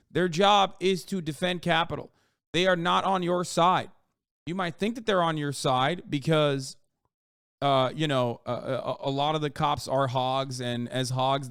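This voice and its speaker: A man streaming, ranting in casual commentary with a profane, mocking edge that swings from low mutters to loud outbursts. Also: clear, resonant tone, dry recording, studio quality.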